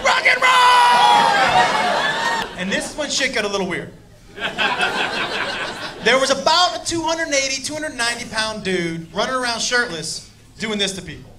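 Animated male stand-up comic, loud crowd. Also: very high-pitched, normal speed, long pauses, heavy background noise. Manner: animated, profane, shouts punchlines. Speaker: stand-up comedian. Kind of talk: stand-up storytelling. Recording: live club with loud crowd laughter.

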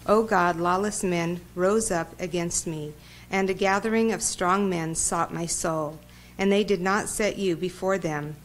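A woman reads psalms aloud in a steady, measured liturgical manner. Her voice sits on the low side. A faint background hiss runs under the church recording. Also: rough recording. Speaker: reader.

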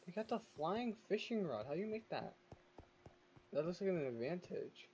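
A man's voice: high voice, big pitch swings, moderate pace, a little mellow, a little hiss or hum. A man giving casual gameplay commentary, chatty, talking back to the game's creatures and laughing now and then. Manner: chatty, talks to the game's mobs, exclaims and laughs.

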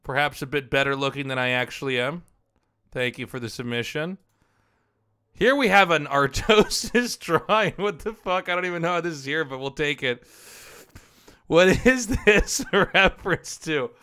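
A man's voice: on the high side, moderate pace, pushed and bright, clear, resonant tone, no echo, clean studio sound. A man in his thirties on a headset, casually commenting on fan drawings, laughing often and swearing now and then. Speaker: streamer reviewing fan drawings.

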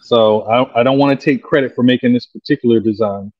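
An unhurried man talks through his airbrush work as he goes, pausing often with ums. His voice sounds dull and muffled. The room gives back almost no echo. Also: mid-range voice. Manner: slow, easygoing, lots of ums. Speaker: airbrush artist. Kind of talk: demonstrating while explaining.

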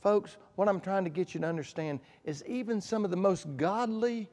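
A male pastor preaching a sermon in a church sanctuary, emphatic and repetitive, dropping to quiet asides. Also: sits high, moderate pace. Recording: long church reverb.

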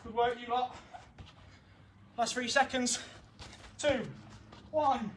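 A high-voiced young man runs a football session outdoors in a garden. He sounds winded, keeps up steady encouragement and counts each drill down. The camera mic picks up a faint hum of the outdoors. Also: slow. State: out of breath. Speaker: football coach.

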